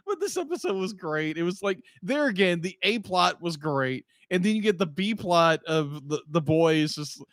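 A man co-hosting a podcast, excitedly gushing about a TV episode and laughing often. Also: high-pitched, normal speed, hardly any pauses, dry recording, studio quality. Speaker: podcast co-host. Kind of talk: casual review chat.

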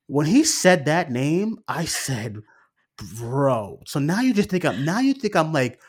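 Young guy ranting about a movie, voice jumps all over, kinda high, swears a lot. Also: measured pace, breathy edge. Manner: animated storytelling, swears freely, acts out his own reactions. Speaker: film review podcast co-host. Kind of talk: casual chat.

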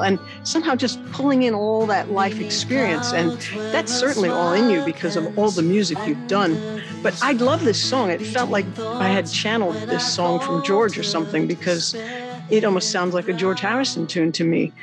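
A woman hosting an interview, a songwriter and teacher, telling animated, rambling stories in casual chat. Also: mid-range voice, normal speed, over music.

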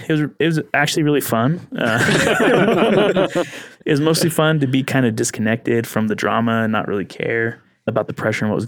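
Casual podcast co-host, man, animated storyteller who laughs a lot, mid-pitched, dry close-mic sound. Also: no room sound. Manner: animated storyteller, laughs often, acts out yelling.

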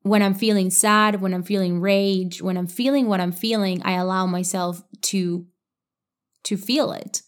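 A woman's voice: medium pitch, fairly even intonation, unhurried. Earnest woman host sharing a story. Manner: earnest, reflective, frequent "like" fillers. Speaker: podcast host and coach. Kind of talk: personal storytelling monologue.

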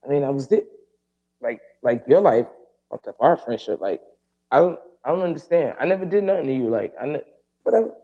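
A man hosting a podcast, telling a story in a casual, profane and animated way and acting out the dialogue. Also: mid-range voice, a little fast, phone-quality sound. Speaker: podcast host.

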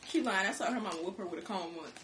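Teenage girl teasing her friend on a casual homemade video, blunt and full of slang. Her voice is bright and sharp at an ordinary pitch. Light background hiss sits under her words. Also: very fast, roomy sound. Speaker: vlog co-host. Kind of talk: casual chat.

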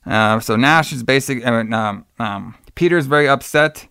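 With a bright, forceful, smooth mid-range voice at a moderate pace, this man co-hosts a casual podcast recorded dry with clean studio sound. He rambles through a horror film's plot, cursing freely and performing the characters' dialogue.

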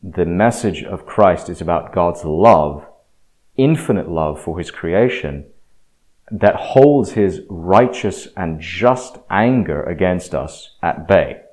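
A man with a very deep voice talks through his thoughts in a loose, unscripted way. He hesitates often, circling back with fillers and restarts, and sounds reflective and a little self-deprecating. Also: lively intonation, takes it slowly, a little mellow. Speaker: speaker sharing experience. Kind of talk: casual monologue.

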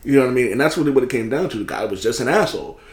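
A man spins a casual, animated story with plenty of swearing, slipping into other people's voices as he quotes them. His pitch sits in the middle for a man, and the room around him rings with echo. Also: very fast.

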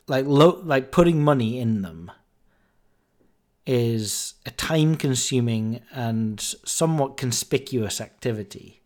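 A man hosting a podcast, telling a long anecdote in a chatty, animated way, full of fillers and acted-out dialogue. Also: medium pitch, slow pace. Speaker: podcast host. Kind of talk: casual storytelling.

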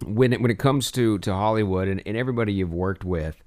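A man's voice: fairly low pitch, fast talker, darkish tone. A man hosting an interview, joking and asking questions with hesitant fillers. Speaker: interview host. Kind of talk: casual interview chat.

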